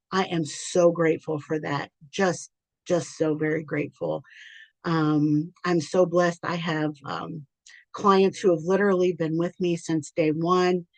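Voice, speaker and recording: A woman business coach giving an unscripted, heartfelt thank-you talk, chatty, full of ums and quick to laugh at herself. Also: sits low, a little mellow, no room sound. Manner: tearful and moved toward the end. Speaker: business coach and podcast host.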